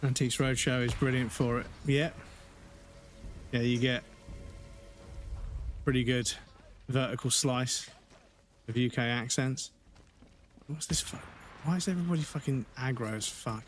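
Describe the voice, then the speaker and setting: A young man livestreaming a video game, chatting casually with his viewers. He talks in a rambling, profane way, full of fillers and asides, at an ordinary middle pitch. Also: unhurried, long pauses, slight background noise. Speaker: streamer. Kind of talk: casual gaming livestream commentary.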